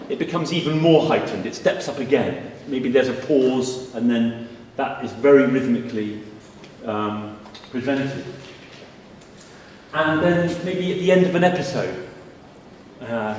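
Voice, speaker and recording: A man's voice: medium pitch, a little slow, slight background noise. A man leading a storytelling workshop, telling a folk tale with rhythmic repetition and then explaining the technique. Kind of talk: storytelling and teaching. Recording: echoey hall, voice from far off.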